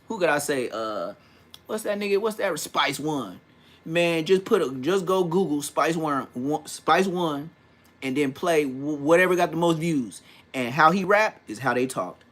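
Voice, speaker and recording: A middle-aged man from California telling street stories in a casual vlog, talking in slang and mimicking other men's voices. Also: a little high. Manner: animated slangy storytelling, mimics old homies' voices. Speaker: vlogger. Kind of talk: casual storytelling rant.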